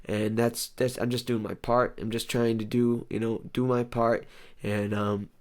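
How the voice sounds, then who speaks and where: A man with a hoarse, worn voice rambles through a comedic talk-show monologue in a sarcastic, deadpan way. His voice sits at a middle pitch, and he keeps stopping to clear his throat. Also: unhurried. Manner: sarcastic, rambling, deadpan jokes with mock outbursts. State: hoarse, lost voice. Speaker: host.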